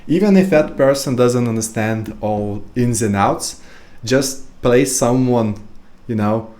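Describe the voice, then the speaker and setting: A man talks through a casual podcast monologue at a middle pitch, rambling and loose with lots of fillers. His tone turns sarcastic as he riffs, with sudden jumps up in pitch for emphasis. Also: slow pace, a little mellow. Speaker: podcast host.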